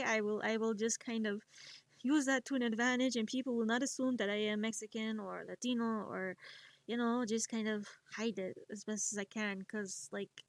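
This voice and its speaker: A woman's voice: a little high, fairly even intonation, moderate pace, no room sound. A young woman with a Spanish accent, chatting casually on a stream while she draws, rambling and poking fun at herself. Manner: rambling, self-deprecating, laughs often.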